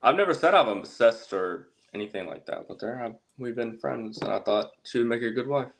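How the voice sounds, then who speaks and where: A man joining a casual livestream chat as a guest, speaking in a hesitant, halting way over a video call. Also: medium pitch, animated, creaky, a bit bright.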